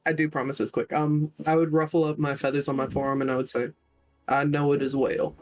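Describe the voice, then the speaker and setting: A man playing a tabletop game, cutting in with quick apologies and in-character lines. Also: fairly high pitch, flat delivery, rough recording. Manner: apologetic, hurried interjections. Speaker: player. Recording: faint background music.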